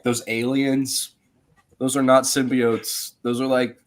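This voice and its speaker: A man's voice: medium pitch, little pitch movement, a little slow, slight background noise. A man hosting a casual movie podcast over a video call, rambling with fillers and restarts. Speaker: podcast host.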